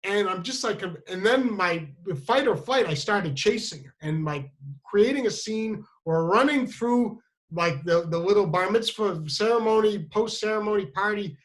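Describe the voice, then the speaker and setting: A man telling a funny personal story, self-mocking and halting, with many restarts and fillers. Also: sits high, animated, low-quality recording.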